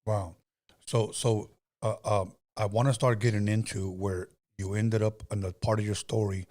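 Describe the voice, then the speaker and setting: A man's voice: lowish voice, flat delivery, moderate pace, darkish tone. A man hosting an interview, asking probing follow-up questions and answering with short affirmations. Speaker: host.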